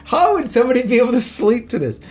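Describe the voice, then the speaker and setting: A man streaming a game, ranting in an exasperated, animated way with lots of swearing. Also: very high-pitched, quick pace, breathy edge, faint music behind. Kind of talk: live game streaming rant.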